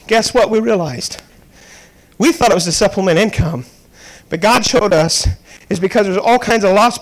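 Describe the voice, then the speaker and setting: Man, 30s, evangelist preacher, very high voice, storytelling sermon. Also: poor audio. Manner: storytelling, rising to fervent preaching. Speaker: traveling evangelist.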